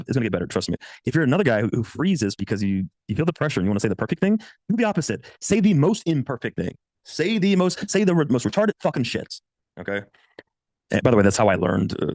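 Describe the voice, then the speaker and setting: A man in his thirties giving blunt, profane dating advice in a casual coaching monologue. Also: dry recording. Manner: blunt, profane, animated, swings pitch for quoted voices.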